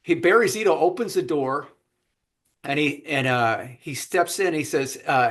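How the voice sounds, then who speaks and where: A man's voice: fairly high pitch, a little slow. A man hosting a podcast, telling an anecdote in a casual chat over a remote call and putting on voices for the people in it. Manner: animated anecdote teller with quoted voices. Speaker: podcast host.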